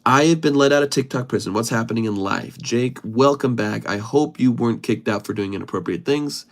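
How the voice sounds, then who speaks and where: Gravelly-voiced man hosting a chatty livestream. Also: mid-range voice, a little fast. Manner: playful, chatty, greets viewers by name. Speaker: improv comedian hosting a livestream. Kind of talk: casual livestream chat, reading comments.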